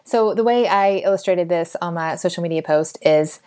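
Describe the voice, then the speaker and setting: Woman, 30s, podcast host, animated storyteller, faith talk, laughing. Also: lowish voice, moderate pace.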